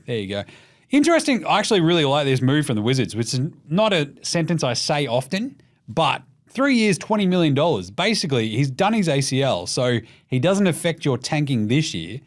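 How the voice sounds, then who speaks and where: Australian male podcast host, sweary casual chat, very lively pitch. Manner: animated, profane, mimics voices for jokes.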